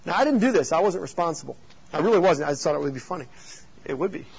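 Man, youth pastor, teaching talk, animated storyteller, higher voice, dull recording. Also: rapid-fire, vocal fry, breathy edge. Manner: storytelling, animated and jokey, with rhetorical questions.

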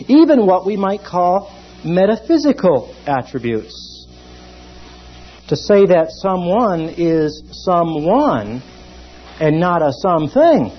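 Animated man giving a theology lecture. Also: on the high side, slight background noise. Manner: lively and emphatic, with many pauses. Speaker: theology teacher. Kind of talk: classroom lecture. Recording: dull lo-fi recording.

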